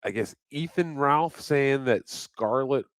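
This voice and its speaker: A man's voice: mid-range voice, slow pace, smooth, no echo. A man hosting a live stream, chatting casually in a rambling, profane, joking way. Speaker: livestream host. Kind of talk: casual livestream chat.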